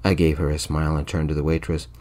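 A man narrating a story in the first person, quietly and evenly, in soft-spoken ASMR storytelling. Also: extremely low pitch, little pitch movement, fast.

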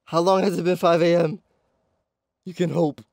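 A young man commentating his own game live for viewers in a casual, chatty way. His voice sits a bit high, and he comes across anxious and excitable. Clear noise hums behind him. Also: moderate pace. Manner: anxious, excitable, talks to chat. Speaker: game streamer.

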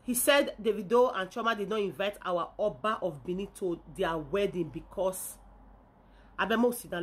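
A woman's voice: lowish voice, moderate pace, slightly rough. A Nigerian woman from Edo State ranting in a reaction video, indignant and scolding, often repeating herself. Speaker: vlogger.

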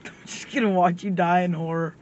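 A woman's voice: on the low side, fairly even intonation, brisk, darkish tone, dull audio, a little hiss or hum. A woman chatting with a friend in a car, nervous and giggly, squealing now and then. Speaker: friend co-host. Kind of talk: casual chat. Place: inside a car.

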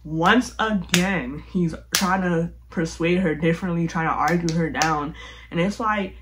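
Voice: medium pitch, unhurried, background noise. A young adult vlogger telling a story casually to camera in a chatty, slangy way, filling the talk with "like". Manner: chatty, heavy use of "like", slangy.

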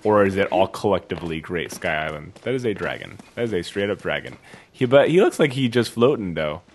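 Deep-voiced man doing chatty game commentary. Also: animated, a little fast, soft background music. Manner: chatty and jokey, wondering aloud as he plays. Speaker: video game streamer. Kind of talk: casual let's-play commentary.

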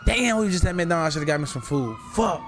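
A man streaming a roleplay game, talking in casual, profane voice chat and coaching his partner with quick restarts. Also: a little high, animated, noisy background.

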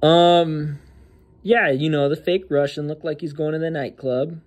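A man's voice: on the high side, fairly even intonation, measured pace. A man hosting casual political commentary in a sneering, mocking and slangy way. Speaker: host.

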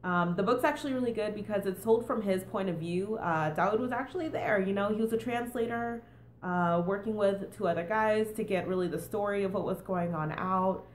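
A woman's voice: medium pitch, brisk, roomy sound, a little hiss or hum. Sing-songy young woman reviewing a book. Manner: chatty with many fillers and "and stuff". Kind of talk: casual book review vlog.

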